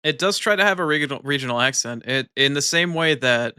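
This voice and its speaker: A man's voice: medium pitch, quick pace, bright, forceful tone, clear, resonant tone, dry recording, clean studio sound. A young American man chatting casually on a live stream, reading chat aloud and laughing often.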